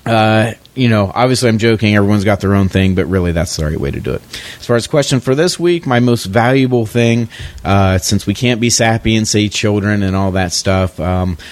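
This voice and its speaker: A man's voice: on the low side, a little fast, no echo. A man calling in to a podcast, talking casually and jokingly with lots of fillers and restarts. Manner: joking, opinionated, with many fillers. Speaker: podcast caller. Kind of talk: casual recorded call-in message.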